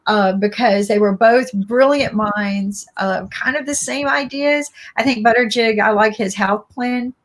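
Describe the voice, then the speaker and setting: A woman with a Southern US accent giving her opinions in a casual political chat, animated and quick to restart her sentences. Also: a little high.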